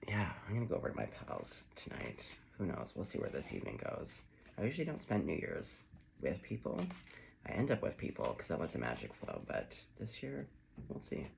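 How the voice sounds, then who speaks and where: A man's voice: deep voice, wildly swooping pitch, brisk, vocal fry, a little hiss or hum. A man giving a casual, chatty tarot reading to camera, wandering off on tangents as he talks. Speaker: tarot reader.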